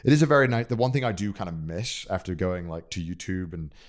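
A man's voice: low-pitched, fast talker. A young man from Wales with a Welsh accent, chatting casually as a podcast guest, rambling with lots of fillers. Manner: rambling, filler-heavy, animated storytelling. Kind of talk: casual chat.

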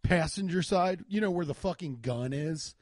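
Young man, slightly higher voice, very dry close sound; loose, cussing storyteller. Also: moderate pace, no room sound. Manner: profane, rambling, laid-back. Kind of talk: casual comedic storytelling.

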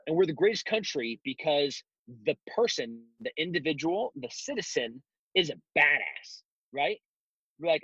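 A man's voice: on the high side, sing-song, normal speed, sharp tone, husky, dry recording. A man talking bluntly in an interview, telling stories with mocking asides. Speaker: guest, self-defense instructor. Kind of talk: casual interview talk. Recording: dull lo-fi recording.

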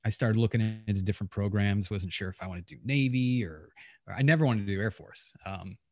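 A man's voice: lowish voice, fairly quick, darkish tone, no echo. A middle-aged man talks candidly in a casual interview and tells stories with salty language. He often stumbles and restarts his sentences. He is recorded dry and close on a studio mic. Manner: candid, profane storytelling with many restarts. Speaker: podcast guest, retired pilot.

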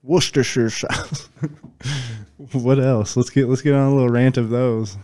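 A man with a Southern US twang talks through a casual podcast chat, his voice mellow and smooth. He rambles loosely, padding his thoughts with fillers. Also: mid-range voice, steady tone, moderate pace. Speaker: podcast guest.

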